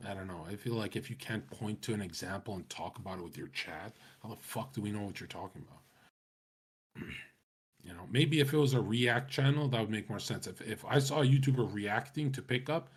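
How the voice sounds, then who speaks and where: A man's voice: on the low side, fairly quick, slightly rough. A man talking casually to his stream chat, rambling and swearing, with many restarts.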